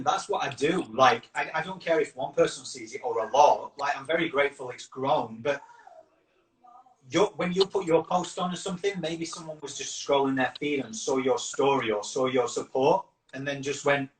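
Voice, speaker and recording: A man's voice: fairly high pitch, moderate pace. A man hosting a casual live video chat, talking earnestly and rambling, restarting his sentences as he goes. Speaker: campaign founder and host. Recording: roomy echo, distant from the mic.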